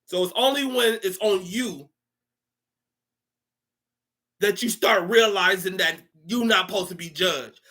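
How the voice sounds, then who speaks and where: Male streamer, heated preachy rant, bright voice, stammers and restarts. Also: high-pitched, moderate pace. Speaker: livestream commentator. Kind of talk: emotional livestream rant.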